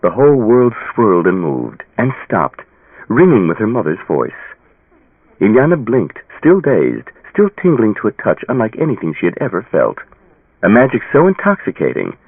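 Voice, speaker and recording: Expressive male audiobook narrator, phone-thin. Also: on the low side, moderate pace, husky, dry recording, phone-quality sound. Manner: dramatic, expressive reading. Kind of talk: scripted narration.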